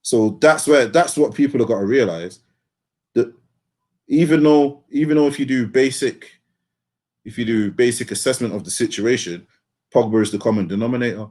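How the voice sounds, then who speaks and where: A man's voice: medium pitch, normal speed, darkish tone. A man co-hosting a football podcast. He talks in casual slang, rambles and keeps asking "you get what I'm saying?". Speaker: podcast co-host.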